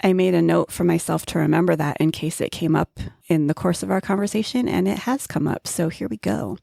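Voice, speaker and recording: A woman's voice: on the low side, brisk, gravelly, mellow, no echo, studio quality. A woman co-hosting a casual podcast chat, teasing her co-host and reading from her notes on flower meanings. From grew up near Mount Graham, Arizona.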